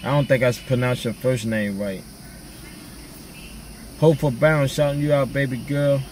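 A man talks casually to his viewers in relaxed slang, calling out names as he goes. His voice sits at an ordinary pitch and comes from a little way off the mic. A faint hum runs underneath. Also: moderate pace, distant mic. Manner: laid-back, chatty slang, reads out viewer names. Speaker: vlogger.

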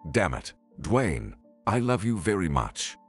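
A man voicing an irritable elderly writer with a gruff, curt manner in a story reading. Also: sits low, big pitch swings, measured pace, soft background music, exaggerated voice.

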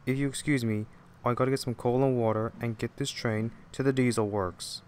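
A man voicing a gruff, no-nonsense male steam tank engine who talks in a curt, huffy way. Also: mid-range voice, steady tone, fairly quick, darkish tone, a little hiss or hum, close to an everyday voice.

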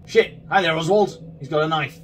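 Faint game music and slight background noise come through a distant mic as a gaming video creator comments on a horror game during a let's play. His fairly high, slightly bright voice runs at normal speed while he swears constantly and argues back at the game, clearly agitated.

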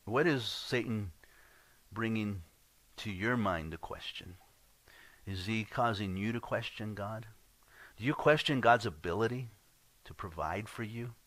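A male pastor giving a sermon in an earnest teaching tone, often clearing his throat and restarting phrases. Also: lowish voice, measured pace, pauses often, fairly bright tone, no echo. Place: church.

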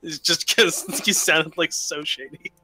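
A man's voice: fairly high pitch, unhurried, sharp tone. A man hosting a multiplayer game session, talking casually with rambling restarts and frequent laughter. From United States. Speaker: host, game player. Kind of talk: casual multiplayer gaming chat.

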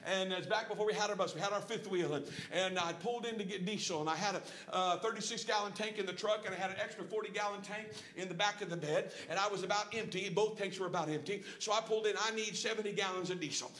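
A middle-aged man preaching a folksy sermon with personal stories, swinging from hushed asides to shouted praise. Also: high voice, fast talker, hardly any pauses. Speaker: pastor. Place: church sanctuary. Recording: echoey church room. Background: congregation calling out responses.

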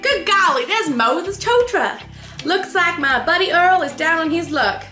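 A woman's voice: very high voice, fairly even intonation, takes it slowly, mellow, roomy sound, soft background music, pitched above the performer's own voice. A woman voicing a big, friendly male eighteen-wheeler truck with a folksy put-on drawl, reading a storybook aloud. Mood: cheerful.

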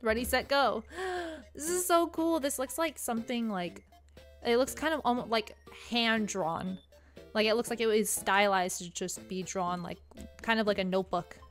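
A woman's voice: a little high, moderate pace. A young woman streamer chatting and giggling through a game, reading its text aloud, with music faintly behind. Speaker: gaming streamer. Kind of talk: let's play commentary.

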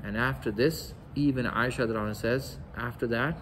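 A man's voice: mid-range voice, steady tone, quick pace, a bit bright, a little hiss or hum, low-quality recording. A man giving a religious lecture, telling stories and acting out the quoted dialogue. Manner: storytelling, acts out quoted dialogue.

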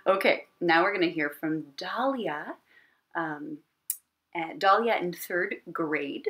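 A woman teaching an online elementary music class at her computer, talking slowly and gently and singing warm-ups. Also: mid-range voice, animated. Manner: gentle, encouraging, slow and clear, sings warm-ups. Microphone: computer mic. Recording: piano playing along.

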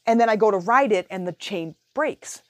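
A woman hosting a podcast, telling a personal story in a casual, animated way. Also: mid-range voice, moderate pace, no room sound. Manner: animated, chatty, retells her own thoughts aloud. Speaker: podcast host.

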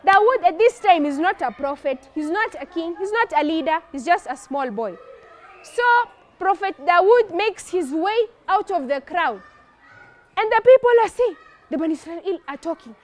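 A woman narrating a religious story for children in an animated way, often asking her listeners questions. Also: very high voice, unhurried, a little hiss or hum.

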